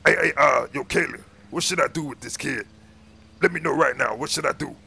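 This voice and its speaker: A man's voice: a little high, a little fast, vocal fry, bright, forceful tone, slightly rough. A man doing casual game role-play, talking in a slangy, menacing, taunting way.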